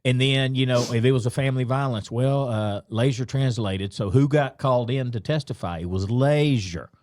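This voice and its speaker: A man's voice: mid-range voice, moderate pace, a little mellow, no room sound. Middle-aged man, retired police guest, easygoing storyteller, dry sound. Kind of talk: casual storytelling.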